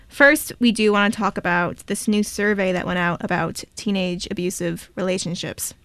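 A woman's voice: mid-range voice, moderate pace, a bit bright, smooth, no echo. A young woman hosting a college radio show, chatty and joking in casual talk. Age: young adult.

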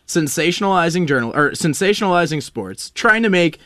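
A man's voice: fairly high pitch, animated, fairly quick, fairly bright tone, no echo. A young man co-hosting a sports podcast, giving opinionated, rambling takes with restarts. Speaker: podcast co-host. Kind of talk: casual sports chat.

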